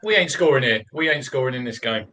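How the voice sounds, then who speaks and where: A man co-hosting a football watch-along, blunt and animated, swearing at players over a video call. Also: mid-range voice, quick pace. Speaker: fan show co-host.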